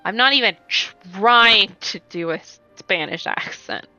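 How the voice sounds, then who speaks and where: A woman streaming a game from a home desk mic, talking casually between lines of game dialogue. Her voice is bright and forward, playful and chatty, and breaks into quick excited bursts. Soft music plays underneath. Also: medium pitch, highs cut off. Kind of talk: casual gameplay commentary, reading game dialogue aloud.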